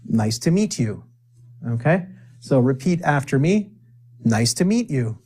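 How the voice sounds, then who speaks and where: A man teaching spoken English, drilling phrases for the viewer to repeat, with deliberate pauses and playful asides. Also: mid-range voice, sing-song, warm tone, breathy edge.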